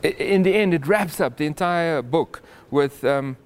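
A man's voice: a little high, unhurried, a little hiss or hum. Man retelling a Bible story with animation. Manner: animated storytelling with chuckles and restarts. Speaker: Bible teacher.

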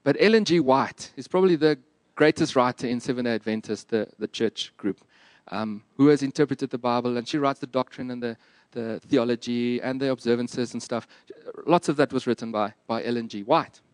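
A man's voice: mid-range voice, a little fast, dry recording. A man preaching a sermon in an earnest, emphatic and plain-spoken way. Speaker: pastor.

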